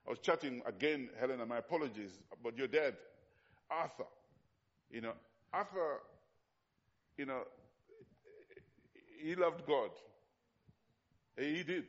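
A male pastor delivering a sermon with emphasis, circling back on his phrases and posing questions to the people in front of him. His voice sits at a middling pitch. The recording is muffled and lo-fi. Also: a little slow, pauses often. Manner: emphatic, repetitive, with rhetorical questions to the congregation.

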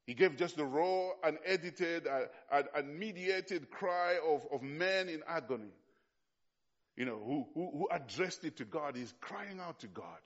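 Impassioned preacher, dull lo-fi sound. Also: male voice, on the high side, expressive, measured pace. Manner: impassioned, swinging from hushed to loud; frequent restarts and fillers. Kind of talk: sermon.

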